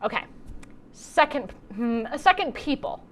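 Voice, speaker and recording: Animated high-voiced young woman comedian. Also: measured pace, a little hiss or hum. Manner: animated, exaggerated, playful. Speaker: comedy show host. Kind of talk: comedic monologue.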